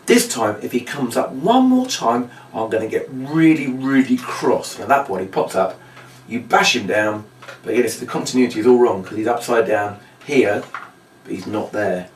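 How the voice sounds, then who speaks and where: Here a magic and puppet show instructor, mid-range and expressive at normal speed, demonstrates a trick for training. He breaks down every step and performs the patter with a larger voice, recorded from a distance with roomy echo and a bit of background noise.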